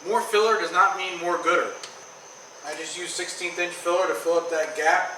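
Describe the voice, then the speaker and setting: Man, welding vlogger, plain-spoken, slightly high voice, off-mic in an echoey shop. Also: steady tone, normal speed, recorded from a distance, slight background noise. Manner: plain-spoken, swears when frustrated. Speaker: welder vlogger. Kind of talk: casual shop vlog. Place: metal workshop. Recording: roomy, off-mic, loud music behind.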